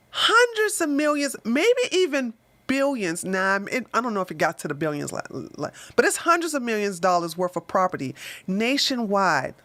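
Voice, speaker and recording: A woman hosting a political livestream, ranting combatively and with lots of swearing, jumping between loud outbursts and quiet mutters. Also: sits high, no room sound.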